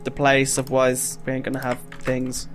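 A man chatting in a halting, rambling way while busy in a game with friends. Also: mid-range voice, completely flat delivery. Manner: rambling, halting, uses filler. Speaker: gaming video co-host. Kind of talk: casual gameplay chat.

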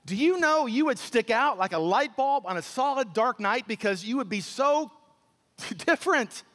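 A man's voice: very high-pitched, animated, normal speed, fairly bright tone. A male pastor preaching a sermon with emphatic repetition, acting out quoted voices. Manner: emphatic, repeats key words, acts out quoted voices. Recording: echoey hall with long reverb.

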